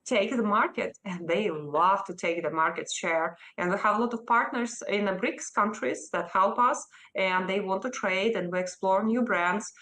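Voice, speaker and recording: A Russian-accented woman in her thirties answers a news interviewer's questions. She speaks emphatically and earnestly, and her voice often leaps higher as she makes a point. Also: a bit bright, rough recording. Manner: emphatic and earnest, with sudden rises in pitch. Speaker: interview guest.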